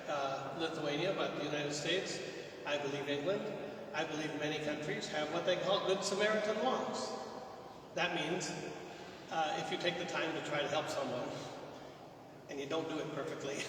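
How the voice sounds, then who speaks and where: Pastor, male, conversational preacher; distant mic in a noisy room with a long echo. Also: a little high. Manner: conversational, with rhetorical questions. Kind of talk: sermon. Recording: echoey hall from far off, noisy.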